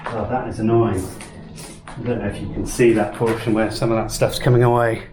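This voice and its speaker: A man's voice: on the low side, flat delivery, a little fast, roomy sound, noisy background. A man chatting casually on a home vlog while renovating his house, rambling and self-deprecating. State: out of breath. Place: house under renovation, indoors.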